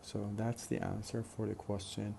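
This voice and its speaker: A man's voice: on the low side, flat delivery, moderate pace, vocal fry, dark tone, a little hiss or hum. A man teaching a phonetics lesson in a methodical way, with many fillers and repeated examples. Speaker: phonetics lecturer. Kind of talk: recorded lecture.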